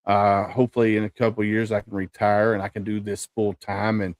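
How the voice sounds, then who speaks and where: A man's voice: fairly low pitch, little pitch movement, brisk, a little mellow, no room sound, clean studio sound. A middle-aged man hosting a podcast, upbeat and enthusiastic with his guests. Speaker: podcast host. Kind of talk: casual interview chat.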